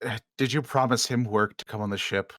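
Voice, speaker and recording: A man's voice: mid-range voice, fairly even intonation, fairly quick, fairly bright tone, dry recording, studio quality. A man playing a tabletop game, chatting casually and jokily. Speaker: player.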